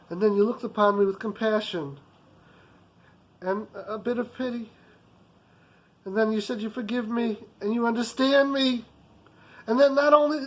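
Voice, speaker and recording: A man's voice: very high voice, fairly bright tone, full character voice, poor audio. A man voicing a rich, hot-tempered business boss who talks in an intense, emphatic way.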